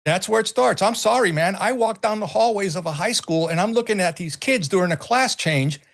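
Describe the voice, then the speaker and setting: On a laid-back stream, a middle-aged co-host with a high voice discusses politics at a fairly quick clip. His intonation is lively, and he's emphatic, repeating points and cursing liberally.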